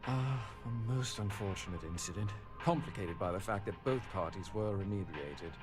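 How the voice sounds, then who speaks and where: A man's voice: lowish voice, normal speed, music in the background, natural voice. A man playing a courteous formal restaurant staffer. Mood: recounting. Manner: courteous, precise, formal wording. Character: polite formal male restaurant staffer, discreet gossip.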